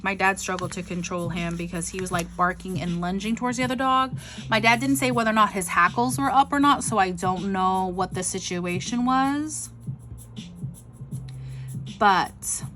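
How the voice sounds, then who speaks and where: A middle-aged woman telling a rambling, frustrated story in a casual vlog, full of likes and ums. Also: mid-range voice. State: frustrated, near tears. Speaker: vlogger.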